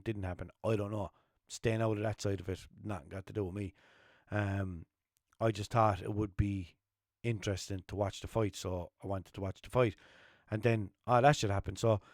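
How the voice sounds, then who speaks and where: A young man from Limerick with an Irish accent, hosting a podcast as a rambling, swearing casual storyteller who keeps jumping into animated quotes. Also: mid-range voice, dry recording, studio quality. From Limerick, Ireland. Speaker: podcast host.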